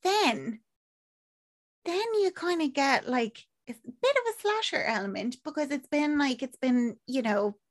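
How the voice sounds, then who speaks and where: A woman's voice: sits high, unhurried. A young Irish woman chatting casually on a podcast, retelling a film with acted-out lines and swearing. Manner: animated storyteller, acts out characters, swears freely. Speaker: podcast co-host. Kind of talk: casual chat recapping a film.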